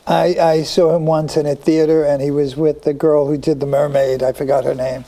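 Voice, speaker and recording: A man appearing as a psychic guest on a studio talk show, speaking in a halting way with many ums and restarts. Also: on the high side, flat delivery, dark tone, low-quality recording. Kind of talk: interview conversation.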